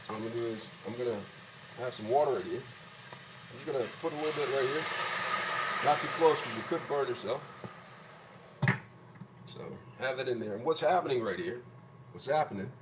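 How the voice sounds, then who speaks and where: A man's voice: mid-range voice, background noise. Man chatting through a messy kitchen demo. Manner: chatty, narrates each step as he works. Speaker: home cooking vlogger. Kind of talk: casual cooking demonstration. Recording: loud kitchen clatter behind. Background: dishes, pots and cutlery clattering.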